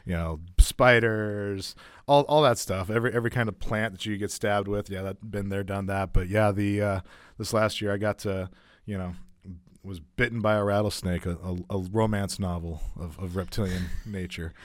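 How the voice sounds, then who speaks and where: Lowish voiced arizona dude telling his story, earnest, bit wry, dry studio mic. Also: fairly even intonation, normal speed, dry recording. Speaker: podcast co-host and guest storyteller. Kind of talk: casual chat.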